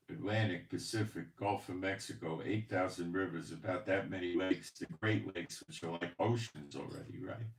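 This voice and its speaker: A man hosting a commentary monologue, preaching and firing off rhetorical questions. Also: fairly low pitch. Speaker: channel host. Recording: echoey room.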